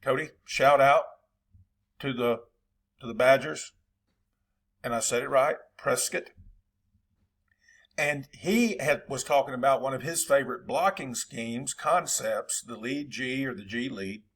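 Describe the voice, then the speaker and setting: A man's voice: medium pitch, unhurried. A man with a Southern accent, a football coach hosting his channel, talking casually and in a folksy, rambling way to his viewers.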